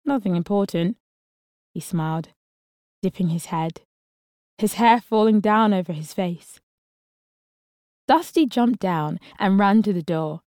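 A woman reading a story aloud in a calm, steady way, her voice sitting in a middle range. The recording is close and dry, with no room echo around it. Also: medium pitch, a little slow, pauses often. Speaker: narrator.

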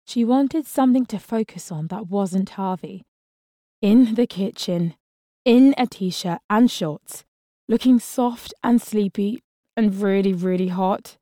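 A woman reading a story aloud in a calm, steady way, her voice sitting in a middle range. The recording is close and dry, with no room echo around it. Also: mid-range voice, a little slow. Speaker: narrator.

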